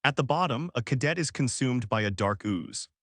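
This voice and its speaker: A man reads a scripted story recap at a middle pitch, his voice rising and falling in a lively way. He tells the action step by step and drops dramatic questions along the way. The sound is dry and close, with no room around it. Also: normal speed, no room sound. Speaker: recap narrator. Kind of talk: scripted narration.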